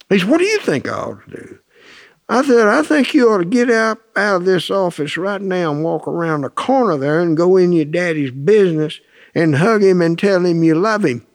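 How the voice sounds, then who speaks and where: A man telling plainspoken, colloquial anecdotes with lots of quoted dialogue, in a folksy storytelling talk. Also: fairly high pitch.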